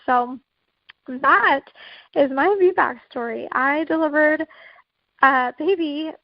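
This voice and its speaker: A woman's voice: sits high, takes it slowly, dry recording, lo-fi sound. A woman co-hosting a podcast, earnestly telling her own emotional birth story. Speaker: podcast co-host.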